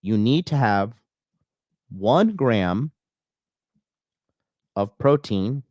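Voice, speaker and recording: A man coaching on dating and fitness in a blunt, profane podcast monologue, now and then mocking others in a high put-on voice. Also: animated, drawn-out words, a little mellow, no room sound.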